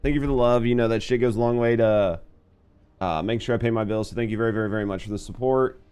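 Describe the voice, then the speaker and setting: A man's voice: on the low side, fairly even intonation, fast talker, darkish tone, smooth. A man hosting a live game stream, chatting casually and thanking viewers by name.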